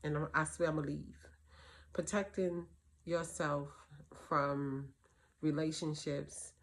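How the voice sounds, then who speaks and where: Lively single mom telling her story. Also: deep voice, takes it slowly. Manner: animated storyteller, acts out her kids' and her own voices. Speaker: host. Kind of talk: casual advice talk.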